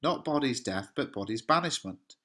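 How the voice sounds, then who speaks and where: A man's voice: medium pitch, animated, normal speed, bright, forceful tone. A man voicing an older male friar and mentor, reading verse aloud in a declamatory, scolding way. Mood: counselling. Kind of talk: dramatic reading of a play.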